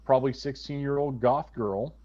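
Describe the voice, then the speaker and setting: A man runs a tabletop game in a loose, unhurried way, full of little fillers. His voice sits at a middling pitch. The sound is dull and lo-fi, like stream audio. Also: mellow, a little hiss or hum. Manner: easygoing, with fillers and restarts. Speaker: game master. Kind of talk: narrating a tabletop role-playing game.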